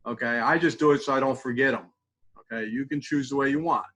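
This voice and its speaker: A middle-aged man teaching a mindfulness tapping exercise in a classroom, talking conversationally and repeating phrases softly as he demonstrates. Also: mid-range voice, fast, rough recording. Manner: conversational, repeats phrases while demonstrating, drops to quiet murmurs. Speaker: mindfulness instructor.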